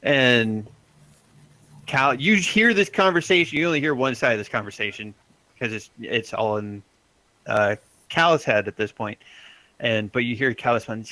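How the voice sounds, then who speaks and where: A man's voice: mid-range voice, normal speed, pauses often, bright, forceful tone, dry recording, poor audio. A man running a tabletop game as game master, loose and laughing, with lots of fillers.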